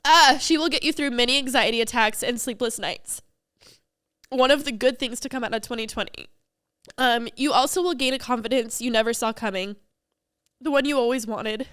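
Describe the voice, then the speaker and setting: Woman host for a solo confessional podcast episode, smooth voice, a touch high, open and easy to laugh. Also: a bit bright, dry recording, studio quality. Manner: open, heartfelt, quick to laugh. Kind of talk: candid solo podcast reflection.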